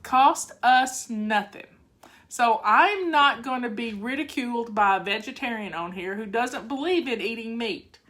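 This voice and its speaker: In a casual live chat, an older home-organizing vlogger chats with her viewers and answers their comments in a folksy, talkative way. Her expressive voice runs on the high side, with a sharp tone, a moderate pace, and few pauses.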